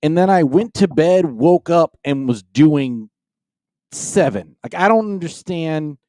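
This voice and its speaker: A man's voice: on the high side, expressive, measured pace, warm tone, no room sound, studio quality. A man hosting a comedy podcast, telling stories in a playful, teasing way. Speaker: podcast host. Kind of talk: casual comedic chat.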